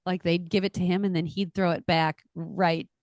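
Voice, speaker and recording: A middle-aged woman, an astrologer and podcast co-host, chatting casually and telling stories in an animated way, laughing often. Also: fairly low pitch, normal speed, dry recording, clean studio sound. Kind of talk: casual chat.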